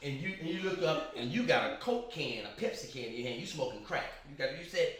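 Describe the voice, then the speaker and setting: Animated male host, bright and forward voice, slightly off-mic in an echoey room. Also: fast talker, far from the mic. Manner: animated storyteller, jumps into high acted voices for quotes. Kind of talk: casual storytelling chat.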